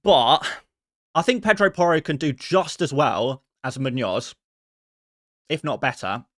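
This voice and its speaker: A man's voice: a little high, sing-song, measured pace, fairly bright tone, no echo, studio quality. Chatty male fantasy football streamer. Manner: rambling, with many restarts and fillers. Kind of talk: live-stream chat.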